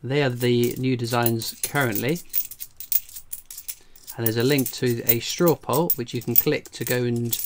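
A man's voice: mid-range voice, steady tone, measured pace, a little hiss or hum. Chatty English man hosting a stream. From England. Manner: chatty and jokey, laughs often. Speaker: coin collecting livestream host. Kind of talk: casual livestream chat, reading viewer comments.

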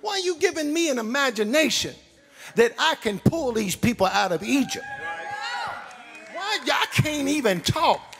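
A man's voice: very high voice, sing-song, measured pace, vocal fry, pitched above the performer's own voice, full character voice. A man voicing Moses as an anxious prophet who protests that he cannot speak. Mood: pleading. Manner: pleading, protesting. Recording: reverberant hall.

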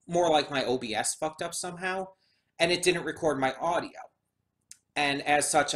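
A man's voice: fairly high pitch, a bit bright. A man hosting a reaction video who talks casually and thinks aloud in a chatty, meandering way. He sounds a bit drowsy and keeps yawning. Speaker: anime reaction host. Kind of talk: casual spoken commentary for a video audience.

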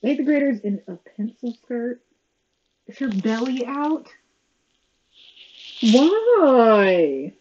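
A woman's voice: a little high, big pitch swings, extremely slow, long pauses, darkish tone. A woman hosting a casual watch-along, giving sarcastic, exasperated running commentary. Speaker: reaction video host. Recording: slightly dull lo-fi audio with faint noise.

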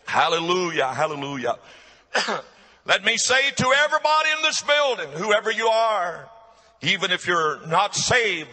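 A man's voice: high voice, pushed and bright, breathy edge. A man preaching a camp meeting sermon in a large meeting building, fervent and repeating hallelujah. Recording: long hall reverb.

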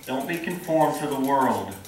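A man's voice: mid-range voice, expressive, measured pace, darkish tone, slight background noise. Guy preaching, folksy and earnest, lots of echo, sounds far from the mic. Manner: folksy, earnest, calls for responses from the congregation. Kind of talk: sermon. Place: church hall. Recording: echoey hall from far off.

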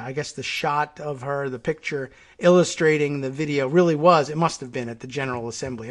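A man hosting a talk show, reading an article aloud and breaking off into muttered, chatty asides. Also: mid-range voice. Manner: chatty, muttering asides while working the computer.

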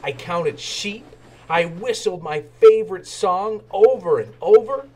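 A man's voice: high-pitched, measured pace, voice pushed up. A man voicing a small, eager young tank engine who cannot sleep, in a storybook reading. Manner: excited, pleading.

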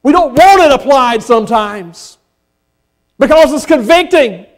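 Southern pastor preaching, high voice, slow deliberate delivery, folksy and fiery. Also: male voice, animated. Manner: folksy, rises to impassioned shouts. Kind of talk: sermon. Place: church sanctuary.

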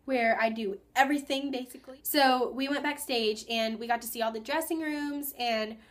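Teen girl vlogger, slightly high voice, casual and rambling, excitable. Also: moderate pace. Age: teens. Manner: chatty, rambling, excitable, with many fillers and asides. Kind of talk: casual vlog chat.

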